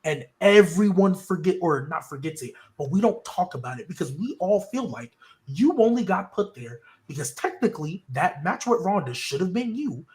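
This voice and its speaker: A man's voice: high-pitched, big pitch swings, moderate pace, darkish tone. A man hosting a casual wrestling podcast, talking in an opinionated, rambling way with frequent restarts. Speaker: podcast host.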